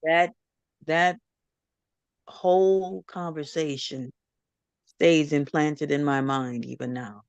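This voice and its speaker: A man's voice: a little high, fairly even intonation, takes it slowly, pauses often, clean tone, no room sound. A man, a guest in a casual chat, reminiscing with emotion. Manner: reminiscing, emotional, brief interjections.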